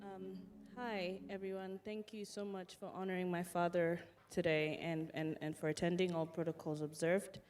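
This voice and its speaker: A woman giving a formal tribute at her father's funeral, composed and measured. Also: on the low side, level tone, a little mellow. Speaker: eulogy speaker, daughter of the deceased.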